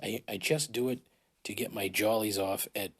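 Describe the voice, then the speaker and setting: A man's voice: fairly low pitch, fairly even intonation, normal speed, slightly rough. A man hosting a casual solo podcast, rambling and swearing with self-mocking humor, his throat dry, recorded on a phone in a large hotel room. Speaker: podcast host.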